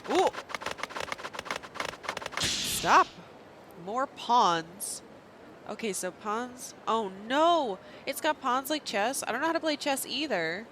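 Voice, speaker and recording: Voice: medium pitch, expressive, takes it slowly, long pauses, bright, forceful tone, slight background noise. A game streamer giving casual, self-mocking commentary and reading menus aloud while playing. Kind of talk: casual let's-play commentary.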